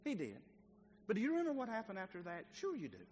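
A male pastor preaches a sermon with a high, lively voice that leaps up and down the scale. He acts out the dialogue of biblical figures, moving between loud calls and quiet, tender passages. The voice rings with the long reverb of a church hall. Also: fast talker, slight background noise. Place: church sanctuary.

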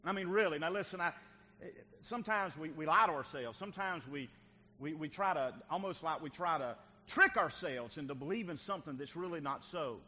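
A man's voice: a little high, lively intonation, a little fast, sharp tone. A male pastor preaching a sermon in a church, earnest and repeating phrases for emphasis, with bursts of emphatic delivery. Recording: hall reverb with faint ambience.

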